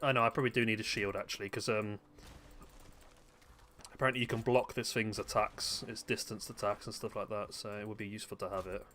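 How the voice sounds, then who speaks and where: A man's voice: fairly low pitch, little pitch movement, brisk, fairly bright tone, a little hiss or hum. A man chatting casually while playing a game, joking, swearing and laughing often. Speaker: gaming video host. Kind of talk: casual chat while gaming.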